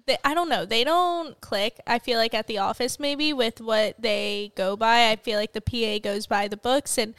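A woman's voice: a little high, moderate pace, few pauses, fairly bright tone, smooth, no room sound. A young woman co-hosting a casual podcast, telling a long story in chatty detail. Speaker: podcast co-host, new mother. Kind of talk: casual chat.

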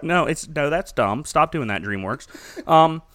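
A man's voice: a little high, moderate pace, no echo, clean studio sound. Laughing man joking through a movie recap. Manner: animated, laughing, joking storyteller.

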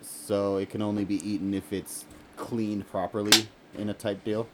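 A man co-hosting a casual podcast, laid-back, with quiet back-and-forth and dry jokes. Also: on the low side, flat delivery, normal speed, very noisy. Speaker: podcast co-host. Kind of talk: casual chat.

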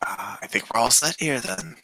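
A man's voice: mid-range voice, expressive, normal speed, sharp tone, dry recording, poor audio. A man voicing a wrinkled ancient male vampire who speaks in a formal, courteous way.

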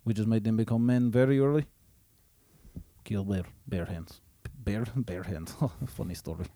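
A man's voice: on the low side, normal speed, warm tone, dry recording, lightly acted. A man playing a blunt, stubborn Russian man in a comedy sketch, with a put-on Russian accent and clipped broken English. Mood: boastful.

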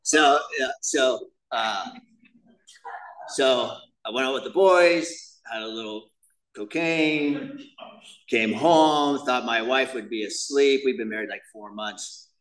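A man's voice: medium pitch, slow pace, fairly bright tone, recorded from a distance, a little hiss or hum, rough recording. Casual man telling his story, off-mic. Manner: casual and self-deprecating, with frequent "man" and "you know". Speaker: speaker at a recovery meeting. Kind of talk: personal recovery story told to a meeting. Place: meeting room.

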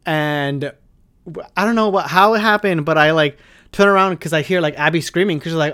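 A man's voice: high-pitched, fairly quick, fairly bright tone. A young man from Arizona, a podcast host telling a funny story in a rambling, profane, dramatic way. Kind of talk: casual storytelling.

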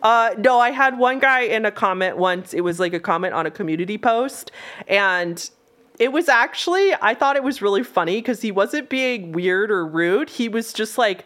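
A woman's voice: mid-range voice, normal speed. A young woman co-hosting a podcast, chatting casually and telling stories with frequent laughter. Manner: chatty, laughing, animated storytelling. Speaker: podcast co-host. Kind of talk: casual chat.

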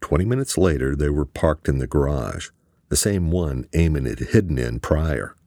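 A man reading an audiobook as narrator in a steady, matter-of-fact way. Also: extremely low pitch, normal speed, dry recording, clean studio sound. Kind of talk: scripted narration.

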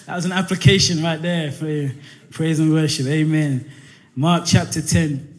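A young man preaching a lively, joking church sermon, often asking for amens, with many fillers. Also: a little high, normal speed. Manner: energetic, jokey, calls for amens, many fillers. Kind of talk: church sermon with call and response.

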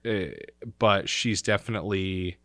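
A man talking casually as a podcast guest, telling animated family stories and sometimes acting out other people's voices. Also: low voice, measured pace, no room sound, studio quality. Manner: animated storyteller, acts out his grandmother in a raised voice. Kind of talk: casual chat.

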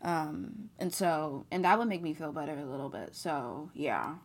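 A woman's voice: deep voice, lively intonation, moderate pace, slight background noise. A young woman in her late teens co-hosting a podcast, talking candidly and self-mockingly, with frequent swearing. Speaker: podcast co-host. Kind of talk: casual chat.

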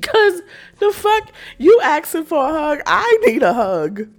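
A woman's voice: high voice, big pitch swings, unhurried. A young woman hosting a podcast, ranting with lots of cursing and laughter and mocking the people she talks about. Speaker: podcast host. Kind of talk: casual podcast rant.

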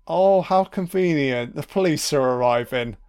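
A man's voice: fairly high pitch, a little slow, darkish tone, smooth, natural voice. A man voicing a sly, scheming male tenant who mocks his landlords in a sing-song, sweary way.

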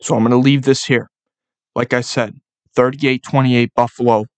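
A man's voice: mid-range voice, fairly even intonation, normal speed, smooth, dry recording. A young man hosts a solo sports podcast, giving a fired-up, profane pep talk to fans. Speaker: podcast host.

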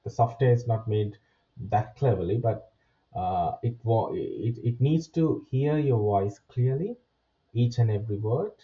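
A man teaching test preparation, explaining step by step and often checking in with a quick "right?". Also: medium pitch, dark tone. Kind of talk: spoken lesson. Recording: distant, muffled, lo-fi sound.

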